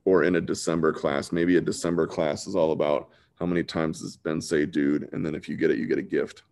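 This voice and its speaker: A man's voice: extremely low pitch, fairly even intonation, fairly quick, vocal fry, darkish tone. A man teaching a casual live online drawing lesson, laid-back and chatty, talking like a buddy. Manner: laid-back and chatty, says dude a lot. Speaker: drawing instructor.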